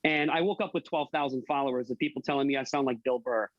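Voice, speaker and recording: A man's voice: medium pitch, fast, dry recording, lo-fi sound. A man who laughs often and swears freely in casual chat. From New England. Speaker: guest, TikTok cook.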